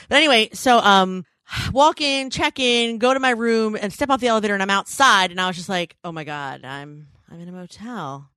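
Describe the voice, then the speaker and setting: In casual conversation, this podcast co-host, a woman in her thirties, rambles through a story, filling it with "like" and correcting herself quickly. Her medium-pitched, fairly bright voice comes through with no room sound.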